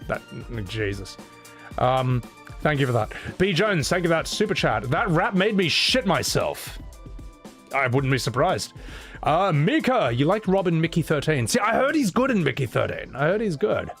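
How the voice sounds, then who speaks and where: A man's voice: a little high, sing-song, moderate pace, creaky, fairly bright tone, faint music behind. A young man chatting casually on a live stream, rambling, swearing and laughing often.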